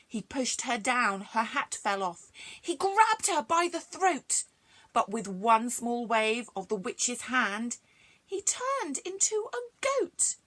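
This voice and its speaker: Lively sing-song woman reading stories. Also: a little high, slow pace. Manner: expressive, sing-song, chatty asides. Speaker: librarian reading aloud. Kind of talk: children's story reading. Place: library.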